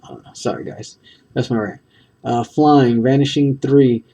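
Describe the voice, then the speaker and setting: A man's voice: mid-range voice, fairly even intonation, normal speed, mellow, distant mic, lo-fi sound. A man rambling casually as he goes through trading cards on his own channel, with many ums and restarts. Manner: rambling, full of ums and self-corrections. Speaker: card-opening video host. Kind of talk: casual card-opening commentary.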